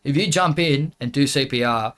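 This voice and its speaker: A man's voice: medium pitch, normal speed, a bit bright. A young man chatting as a podcast guest. He rambles, backtracks and restarts, and he peppers his explanations with casual swearing. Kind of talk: casual chat.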